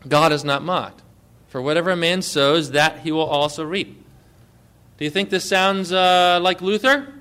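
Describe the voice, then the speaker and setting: A male pastor preaching a sermon with emphatic stresses, dropping to quiet asides and putting direct questions to his listeners. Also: a little high, moderate pace, smooth.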